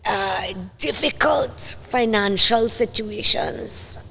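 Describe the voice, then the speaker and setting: A woman's voice: on the high side, takes it slowly, gravelly, sharp tone, breathy edge, in a large hall. A woman hosting a podcast interview, conversational and asking questions. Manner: conversational, many fillers and restarts, asks questions. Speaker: podcast host. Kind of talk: casual interview.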